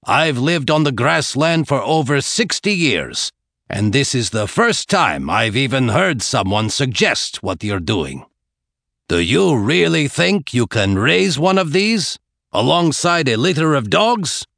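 A man's voice: medium pitch, sing-song, unhurried, gravelly, a bit bright, dry recording, clean studio sound, pitched above the performer's own voice, heavily acted. A man voicing a stern old herdsman in his sixties who talks in a growling, scolding way, in an audiobook. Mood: angry. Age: 60s. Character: stern old male grassland herdsman, gruff.

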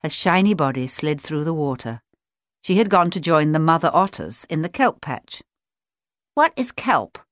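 A woman with a low voice reads a children's story aloud. Her delivery is gentle but lively, rising and falling through each sentence, recorded close and dry with no room sound. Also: normal speed, dry recording.

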